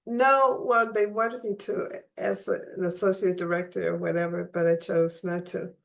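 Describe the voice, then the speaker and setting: A woman's voice: on the low side, level tone, normal speed, creaky. A woman hosting a casual conversational interview, chatty and restarting her phrases, with the hiccups. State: has the hiccups.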